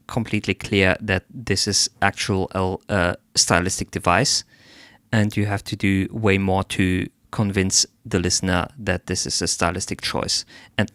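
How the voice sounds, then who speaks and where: A man hosting a live stream who critiques a listener's song in an analytical way. He often pauses to search for the right word. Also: deep voice, fairly bright tone, smooth, dry recording. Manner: analytical, searches for words, hums melodies to demonstrate. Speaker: music feedback streamer.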